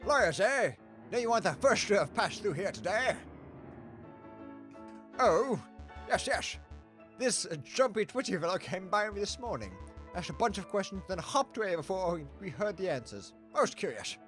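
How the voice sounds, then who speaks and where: A man's voice: high-pitched, very animated, normal speed, a bit bright, soft background music. A man voicing a smug, wealthy male lion baron with a put-on French accent and a pompous, gracious manner.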